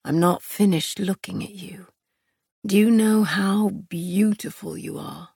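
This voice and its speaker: A woman reading an audiobook and voicing a tender, teasing male lover in a low, hushed, gruff tone. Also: slow, dry recording, clean studio sound, exaggerated voice. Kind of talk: audiobook narration.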